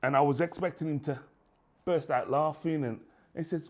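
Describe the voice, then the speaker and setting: A middle-aged man telling his own story in an interview, halting and lively, acting out both sides of old conversations. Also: a little high, vocal fry. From England. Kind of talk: personal testimony.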